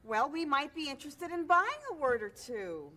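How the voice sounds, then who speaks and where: A woman's voice: high voice, very animated, normal speed, pushed and bright, exaggerated voice. A woman speaking sharply and sternly, no-nonsense.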